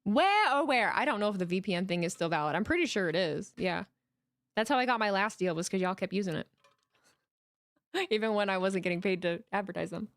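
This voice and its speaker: A woman's voice: medium pitch, fast talker, no echo. A woman hosting a live watch-along stream, chatting playfully with her viewers and teasing them. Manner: playful, teasing, talks to her chat as "my darlings". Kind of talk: casual live-stream chat. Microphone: headphones with desk mic.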